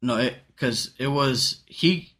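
A man casually telling a rambling story among friends, animated and profane, slipping into Spanish now and then. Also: medium pitch, slow. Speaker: podcast co-host telling a story.

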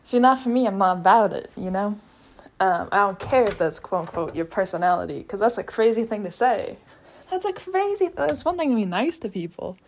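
A young woman talks straight to her camera in a loose, sassy vlog rant. She is animated and full of fillers and restarts, her voice sitting at a middle pitch. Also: fairly quick, a little hiss or hum. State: sweaty after activity. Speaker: vlogger. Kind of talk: casual talking-to-camera rant.

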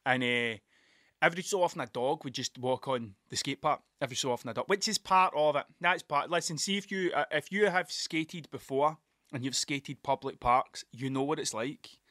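A Scottish man talks on his own podcast in a loose, rambling way, swearing freely as he goes. His voice sits a little high and comes across bright and tense. The sound is dry, with no room echo. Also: moderate pace. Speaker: podcast host. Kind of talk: casual solo monologue.

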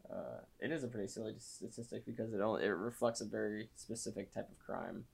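A man's voice: fairly low pitch, quick pace, creaky, darkish tone, slightly rough. A man co-hosting a casual podcast chat, with a dry, teasing, sarcastic manner. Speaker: podcast co-host.

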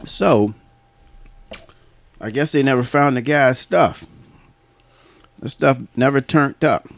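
A man's voice: mid-range voice, takes it slowly, vocal fry, no room sound. A man hosting a podcast, telling a long story in a casual, profane way and laughing often. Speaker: podcast host.

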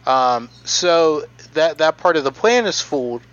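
A man's voice: a little high, animated, unhurried, a bit bright, highs cut off. A young man on a casual podcast, recounting history with many fillers and restarts. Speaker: podcast co-host presenting the history.

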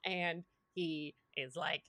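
A woman's voice: low-pitched, slow, a bit bright, no echo. A woman co-hosting a book podcast, reacting emphatically as a fan in casual chat.

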